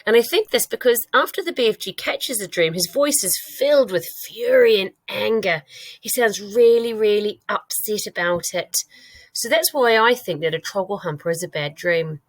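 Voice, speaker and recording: A woman with a British accent, a primary school teacher giving a recorded reading lesson with clear, patient instructions. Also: medium pitch, lively intonation, normal speed, no room sound. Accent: British English.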